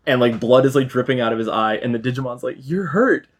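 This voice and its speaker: Animated young man retelling a story. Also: medium pitch, fast talker. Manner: animated storyteller, swears and laughs often. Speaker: podcast host. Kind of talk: casual chat.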